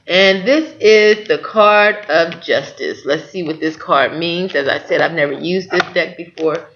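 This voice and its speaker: A man's voice: a little high, measured pace, a bit bright, dull audio. A man giving a spiritual tarot reading to his viewers, earnest and encouraging, often checking in with "okay?". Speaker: tarot reader.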